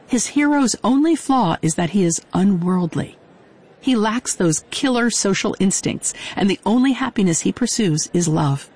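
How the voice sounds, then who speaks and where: A woman's voice: mid-range voice, a little mellow, slightly rough. Woman host with scripted narration.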